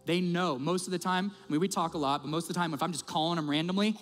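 A male pastor preaches in a slightly raised voice, animated and conversational as he tells stories. His voice carries a long hall reverb, with faint music playing underneath. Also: on the high side, fast. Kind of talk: sermon. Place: church auditorium.

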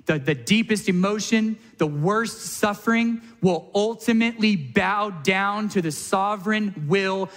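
Animated preacher in a reverberant hall. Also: male voice, high-pitched. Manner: animated, shifts into playful voices for quoted people. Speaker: pastor. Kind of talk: sermon.

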